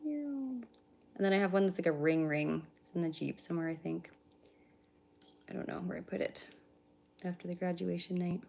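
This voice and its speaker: A woman's voice: fairly low pitch, moderate pace, vocal fry, long pauses, a little mellow, muffled recording, a little hiss or hum. A woman in her thirties chatting casually on a live stream, rambling, blunt and swearing freely as she answers viewers. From British Columbia, Canada. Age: 30s. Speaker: livestreamer.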